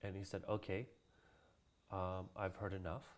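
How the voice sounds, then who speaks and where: This man's voice sits low, with a level tone and a slightly slow pace. He's a cultural practitioner from Hawaii telling a story as a guest in a casual interview, often laughing and mimicking the voices of people he quotes.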